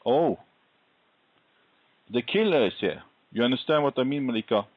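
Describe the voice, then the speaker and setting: A man sharing a faith testimony in an interview, telling his story earnestly and deliberately. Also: medium pitch, lively intonation, husky, no room sound. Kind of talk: conversational interview, personal testimony. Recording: dull lo-fi recording.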